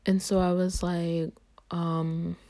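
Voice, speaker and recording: A young adult woman talks casually on her podcast, slipping in constant "like"s and "um"s. Her voice sits a little low for a woman. She sounds loose and conversational, as if chatting with a friend. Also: measured pace, darkish tone. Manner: chatty, lots of "like" and "um" fillers. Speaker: podcast host. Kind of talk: casual storytelling monologue.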